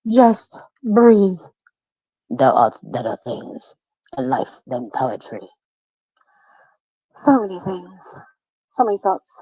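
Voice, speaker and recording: A woman delivers spoken-word poetry in a low, dark, breathy voice. She pushes into loud dramatic peaks and drops to quiet threatening murmurs. The sound is dry, with no room around it. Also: dry recording, poor audio. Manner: dramatic, swings between loud bursts and low menacing murmurs. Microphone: video call stream.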